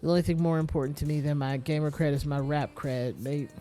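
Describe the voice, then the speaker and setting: A streamer voicing a chummy young male gamer customer, loud and full of slang. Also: medium pitch, steady tone, fairly quick, faint music behind, lightly acted. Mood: chummy, pushy. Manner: laddish slang, calls everyone mate. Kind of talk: reading game dialogue aloud.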